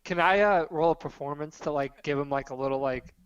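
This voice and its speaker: A man's voice: fairly high pitch, brisk, clear, resonant tone. A man playing in a tabletop game, speaking hesitantly with lots of fillers. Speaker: player. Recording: dull lo-fi audio.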